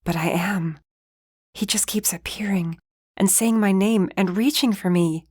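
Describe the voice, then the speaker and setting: A woman's voice: medium pitch, unhurried, darkish tone, husky, dry recording. A woman voicing a frightened, guilt-ridden young woman mage, who speaks in shaky, pleading half-whispers in a very dry, close recording. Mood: anxious.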